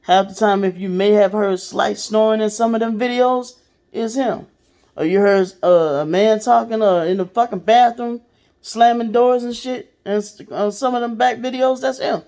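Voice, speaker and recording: A woman's voice: fairly high pitch, moderate pace, mellow. A woman casually telling a personal story to her viewers, in a blunt, profane way. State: sick. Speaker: vlogger.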